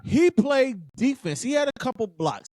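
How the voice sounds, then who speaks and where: Fired-up sports podcast man, high voice. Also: very animated, moderate pace, darkish tone, no echo. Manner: fired-up, emphatic, repeats phrases for effect. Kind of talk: casual sports talk.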